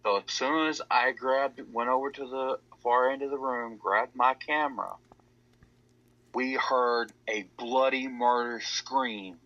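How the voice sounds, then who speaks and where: Rambling man, bright lo-fi voice. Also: medium pitch, fairly even intonation, unhurried, dry recording. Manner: rambling, keeps repeating "he said". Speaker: caller telling a story. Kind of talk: casual storytelling. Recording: dull lo-fi audio.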